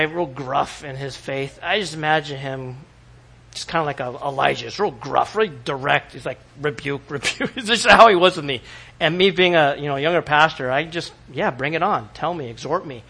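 A middle-aged male pastor preaching a sermon, animated and often acting out quoted voices. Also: fairly high pitch, moderate pace, gravelly, slightly rough.

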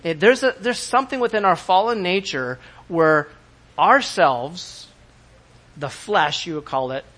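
A middle-aged man preaches from the pulpit in a lively, animated way, slipping into other people's voices to act out what they said. His voice sits fairly high and sounds bright. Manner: animated, acts out quoted voices, laughs often. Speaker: pastor. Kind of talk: sermon.

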